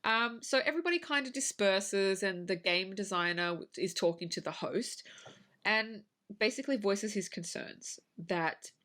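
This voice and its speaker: A woman talks through a film on a podcast in a loose, chatty way, acting out her own reactions and swearing freely. Her pitch sits in the middle for a woman. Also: animated, moderate pace, bright, forceful tone. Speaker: podcast co-host. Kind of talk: casual film review chat.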